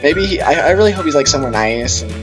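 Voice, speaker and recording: Young male vlogger, rambly storyteller, slightly high voice, music bed audible. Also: fast, rough recording. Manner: rambling, tangent-prone, animated quoting voices. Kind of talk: casual storytime chat.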